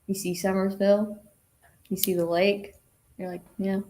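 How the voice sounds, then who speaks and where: A woman's voice: medium pitch, level tone, normal speed, dark tone. A young woman news anchor, chatting and giggling casually off air with her co-anchor.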